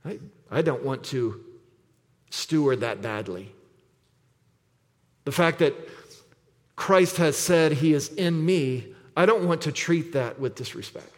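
A man's voice: on the high side, lively intonation, takes it slowly, pauses often. A man preaching a sermon as pastor, emphatic, repeating scripture and asking rhetorical questions. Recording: long reverb of a large hall.

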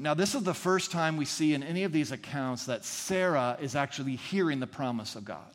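A man's voice: on the high side, fairly bright tone. Earnest preacher man in an echoing hall. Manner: earnest, repeats phrases for emphasis. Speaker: pastor. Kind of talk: sermon. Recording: long reverb in a large hall.

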